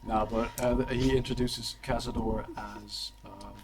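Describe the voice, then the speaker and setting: A man's voice: mid-range voice, steady tone, measured pace. A young man narrating as game master in a casual, rambling way, sometimes poking fun at himself. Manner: casual, rambling, self-deprecating.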